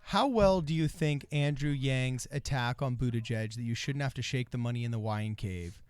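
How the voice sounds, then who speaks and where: A man's voice: mid-range voice, moderate pace, clean tone, no room sound. A man co-hosting a casual political live stream, joking around and reading viewer comments aloud. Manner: jokey, reads chat comments aloud. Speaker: co-host.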